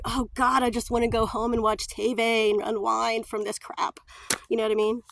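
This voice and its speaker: A woman's voice: medium pitch, no room sound. A chatty woman, telling stories in a casual vlog and laughing often. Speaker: vlogger.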